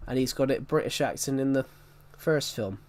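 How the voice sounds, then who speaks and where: A man with a mid-range voice chats casually while he plays. He rambles, circles back and corrects himself mid-sentence, like a relaxed gaming channel host. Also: medium pitch, moderate pace. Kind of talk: casual gameplay commentary.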